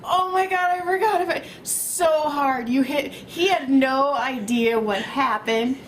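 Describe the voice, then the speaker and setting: A woman's voice: high voice, unhurried, slight background noise. A woman in her thirties hosting a casual chat, joking and acting out quotes. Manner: jokey, acts out quotes. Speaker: podcast host and massage therapist.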